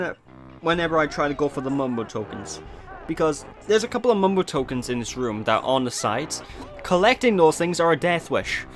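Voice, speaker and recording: Welsh guy rambling thru a game, kinda high voice, bouncy up and down, jokes about himself a lot. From Wales. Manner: rambling, jokey, self-deprecating. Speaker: let's play host. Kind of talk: gameplay commentary.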